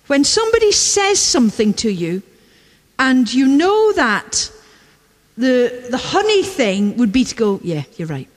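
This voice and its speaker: Unhurried and high-voiced, a woman preacher repeats key lines of her sermon for weight, her words echoing through the long reverb of a big church.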